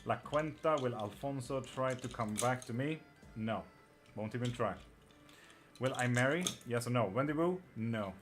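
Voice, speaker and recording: A man's voice: mid-range voice, normal speed, soft background music. A man with an Irish-sounding accent and a slight twang, hosting a live tarot stream in casual chat, blunt and swearing freely as he answers viewers.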